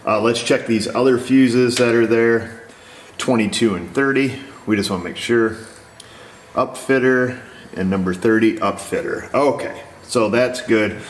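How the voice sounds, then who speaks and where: A man's voice: mid-range voice, a little slow, slight background noise, low-quality recording. A man working as an auto technician, casually talking through a repair while he inspects parts in a shop. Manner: talks to himself while inspecting parts, easygoing. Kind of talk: casual workshop commentary.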